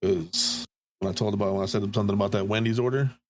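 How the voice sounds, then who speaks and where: A man's voice: fairly low pitch, expressive, fast talker, vocal fry, slight background noise. A man in his thirties on a podcast, telling a story in a profane, heated way. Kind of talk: casual podcast chat.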